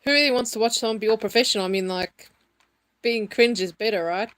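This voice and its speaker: A woman's voice: a little high, quick pace, a bit bright. A woman co-hosting a casual livestream, asking questions and teasing.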